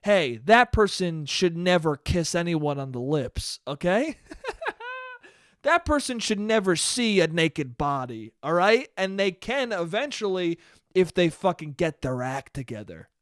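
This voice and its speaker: A man's voice: high-pitched, big pitch swings, a little slow, fairly bright tone, clean tone, no echo, studio quality. A man hosting a solo podcast, telling stories in a profane, exasperated, mocking rant. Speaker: podcast host. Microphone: podcast microphone.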